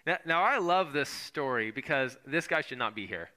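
Bright-voiced man preaching a sermon. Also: mid-range voice, lively intonation, moderate pace. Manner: conversational, acts out voices of the Bible figures. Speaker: pastor.

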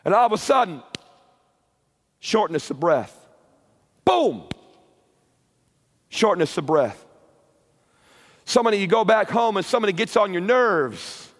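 A man preaching a sermon with passion, rising to shouted peaks and repeating words. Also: high voice, animated, normal speed, long pauses, big-room sound. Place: church or camp meeting hall.

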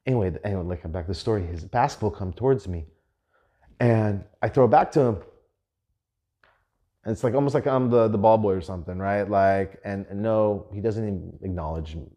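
A man hosting a podcast, telling casual stories in an animated, profane way with lots of fillers. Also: fairly low pitch, a little fast. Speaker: podcast host. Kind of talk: casual storytelling.

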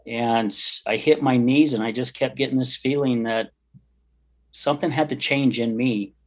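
In a podcast interview, a middle-aged man offers earnest, heartfelt and candid personal testimony. His voice is mid-range with a darkish tone, and he talks at a normal speed.

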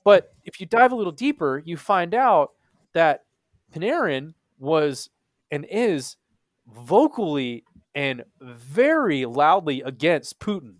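A young man from Texas, hosting a casual hockey podcast, animated and swearing freely. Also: a little high, slow pace, no room sound. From Texas, USA. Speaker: podcast host.

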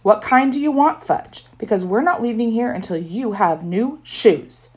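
A woman's voice: fairly high pitch, animated, normal speed, darkish tone, pitched above the performer's own voice, lightly acted. Woman doing a fretful, fussy mother. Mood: firm. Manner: fretful, scolding. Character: fussy worried mother, middle-aged woman.

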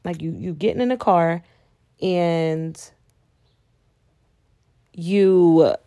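Gravelly earnest woman podcaster. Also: fairly low pitch, steady tone, very slow, warm tone, no room sound. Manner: earnest, profane, addresses listeners as y'all. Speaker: podcast host. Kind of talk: casual spiritual monologue.

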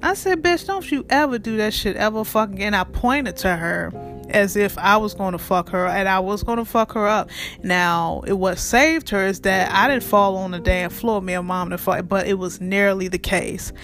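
A vlogger telling a heated storytime rant straight to viewers, animated and profane, calling out to the audience as she goes. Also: mid-range voice, normal speed, faint music behind. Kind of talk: casual storytime rant to camera.

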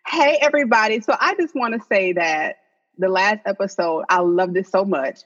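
A woman co-hosts a casual podcast, talking loosely with lots of fillers and frequent laughs. Her voice is husky and mid-pitched. It comes through a dull, lo-fi recording. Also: normal speed. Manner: conversational, many "you know" fillers, laughs often. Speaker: podcast co-host. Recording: dull lo-fi sound.

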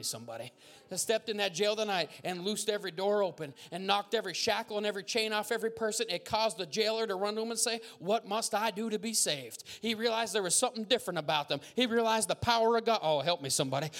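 A man preaching a sermon as pastor, fiery and loud at peaks, with folksy jokes and asides. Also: high-pitched. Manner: fiery preaching, bursts into shouts.

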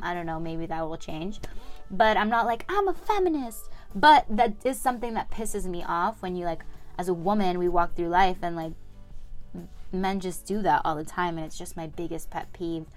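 Young female podcast host, casual upbeat rambling, lowish voice, soft music bed. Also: fairly quick. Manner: chatty, upbeat, lots of fillers. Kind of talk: casual solo podcast chat.

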